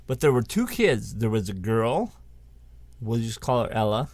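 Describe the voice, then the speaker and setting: A man's voice: mid-range voice, big pitch swings, normal speed, a little mellow, dry recording. A man co-hosting a show, telling a spooky story in a casual, rambling way with many restarts and asides. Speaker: co-host.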